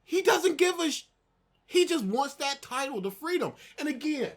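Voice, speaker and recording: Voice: high-pitched, sing-song, normal speed. A podcast co-host in casual chat, emphatic and exasperated while critiquing. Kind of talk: casual chat reacting to a video.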